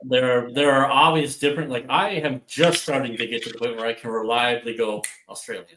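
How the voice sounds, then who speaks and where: A man's voice: mid-range voice, fairly even intonation, fairly quick, roomy sound, background noise. An older man with an Upper Midwest American accent from Wisconsin, rambling and swearing through a casual chat as a livestream co-host. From Wisconsin, USA. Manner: rambling, profane, laughs a lot.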